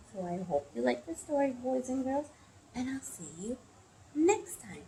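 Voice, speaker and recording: A young adult woman reading a picture book aloud to children, expressive and gasping at story moments. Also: a little high, unhurried, slight background noise, low-quality recording.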